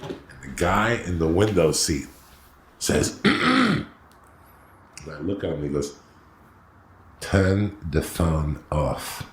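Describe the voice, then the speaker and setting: A man telling a profane comic story in a brash, animated way, acting out the voices of the people in it. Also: low voice, takes it slowly, long pauses. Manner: brash, animated, acts out quotes. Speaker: podcast storyteller. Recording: roomy echo with faint noise.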